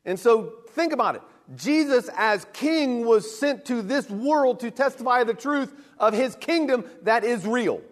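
High-voiced male pastor in a echoing hall. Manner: animated, acts out quick voices for God and people. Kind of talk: sermon. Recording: long reverb of a hall.

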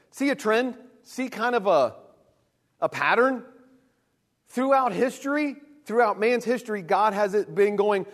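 High-voiced male pastor in a echoing hall. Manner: animated, acts out quick voices for God and people. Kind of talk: sermon. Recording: long reverb of a hall.

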